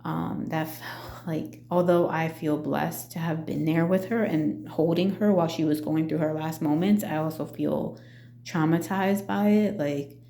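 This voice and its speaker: Halting woman in an echoey room. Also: low-pitched, fairly even intonation, vocal fry, dark tone, a little hiss or hum. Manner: halting, full of fillers and restarts. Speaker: vlogger. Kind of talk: casual personal vlog.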